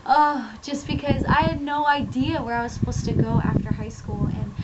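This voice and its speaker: A woman's voice: sits high, steady tone, normal speed. A young woman from New England sharing a personal testimony in casual chat, with a chatty manner full of fillers. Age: young adult. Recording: lo-fi with loud background noise.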